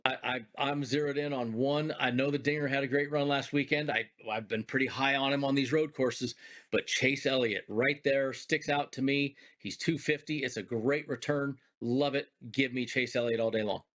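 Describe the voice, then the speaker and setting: A man's voice: medium pitch, steady tone, normal speed, fairly bright tone. A man who is a former driver giving racing picks on a betting talk show over a remote call, speaking in an emphatic, enthusiastic way.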